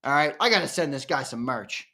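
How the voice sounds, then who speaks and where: A man hosting a casual sports fan show on live-stream talks with his viewers in a medium-pitched, brisk voice, now and then breaking into loud, excited hollers.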